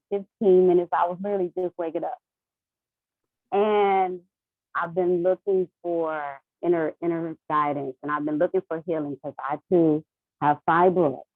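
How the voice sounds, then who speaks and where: A woman's voice: deep voice, no room sound. Earnest woman on a tinny call line. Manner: earnest, rambling, emotional. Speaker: call participant. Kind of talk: casual sharing on a group call. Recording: tinny phone-like call audio.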